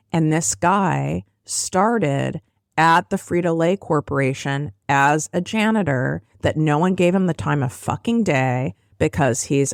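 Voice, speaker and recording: A woman podcast host with a lowish voice delivers a raw motivational monologue while close to tears. She talks bluntly and swears freely, often leaping up in pitch for emphasis. The recording is close and dry. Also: no echo. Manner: blunt and profane, voice rising into high emphatic peaks. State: tearful. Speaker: podcast host and business coach.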